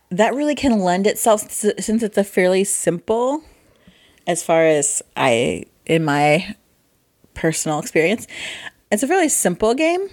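A woman co-hosting a casual board game podcast, chatty and quick to laugh. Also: fairly low pitch. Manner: chatty, laughs easily, acts out voices in asides. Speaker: podcast co-host.

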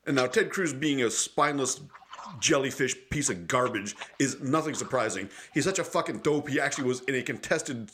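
Male podcast co-host, casual political talk, angry and profane, mid-pitched voice. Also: expressive, a little fast, fairly bright tone, slight background noise. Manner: heated, profane, ranting.

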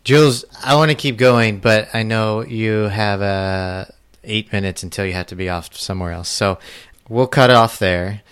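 A man's voice: lowish voice, normal speed, fairly bright tone, clear, resonant tone, no room sound. A man hosting an interview podcast, upbeat and laughing easily with his guest. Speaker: podcast host. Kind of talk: casual interview.

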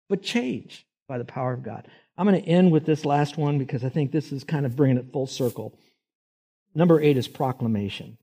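A man's voice: mid-range voice, expressive, normal speed, dark tone, breathy edge. A man preaching a sermon, folksy and emphatic, posing rhetorical questions to his listeners. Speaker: pastor.

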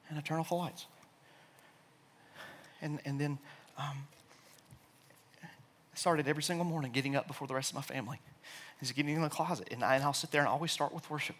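A man's voice: fairly high pitch, fairly quick, long pauses, a little hiss or hum. Earnest emotional man telling a testimony. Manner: earnest, emotional storytelling with restarts; hushed, soft-spoken in quiet passages. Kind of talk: personal testimony talk.

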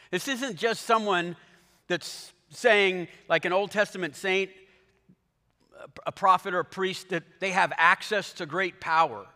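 Male pastor, sermon, slow deliberate delivery, bright forceful tone, long hall reverb. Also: high-pitched. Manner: storytelling with dramatic quoted lines.

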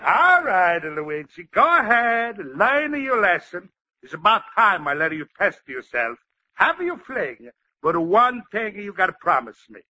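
A blustering, scheming schemer. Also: male voice, high-pitched, sing-song, measured pace, sharp tone, full character voice. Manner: blustering, fond of malapropisms, chuckling. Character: scheming, boastful Italian-American older man. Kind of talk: 1940s radio sitcom acting. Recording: dull old radio recording.

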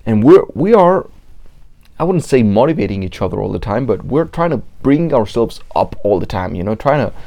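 A man's voice: mid-range voice, big pitch swings, normal speed, dark tone. A man from Mexico, a native Spanish speaker, hosting a podcast in English with a Mexican Spanish accent, talking casually, swearing and stumbling over repeated words. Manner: profane, repetitive restarts, acts out quoted people. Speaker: podcast host. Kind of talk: casual monologue.

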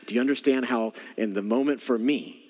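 In a church sanctuary, a male pastor preaches a sermon, telling a story with animation and speaking directly to his congregation. His mid-range voice is fairly quick and a little mellow, and the church hall adds a long reverb.

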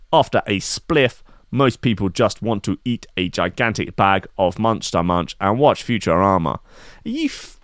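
A man's voice: lowish voice, clear, resonant tone, no echo, studio quality. A man hosting a radio show, reading odd news stories with wry, mocking asides and giggles. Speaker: radio host. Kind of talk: comic news chat.

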